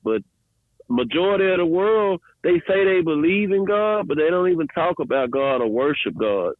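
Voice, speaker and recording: A man's voice: fairly high pitch, expressive, moderate pace, no echo. A man speaking earnestly and plainly in a casual podcast chat about faith. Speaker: podcast co-host. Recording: dry, tinny phone-like sound.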